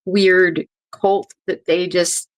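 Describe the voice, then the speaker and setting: A woman telling a story as an interview guest, chatty and animated, acting out what others said. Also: lowish voice, extremely slow.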